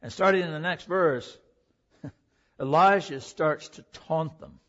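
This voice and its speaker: A male pastor preaching a sermon, reading scripture aloud and explaining it with animated emphasis. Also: fairly high pitch, slow pace, lo-fi sound.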